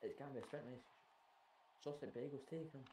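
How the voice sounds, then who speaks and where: A man with a Scottish accent casually calling hockey plays in quick excitable bursts, swearing freely. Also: medium pitch, reverberant, recorded from a distance, a crowd in the background. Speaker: play-by-play commentator. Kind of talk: casual game commentary.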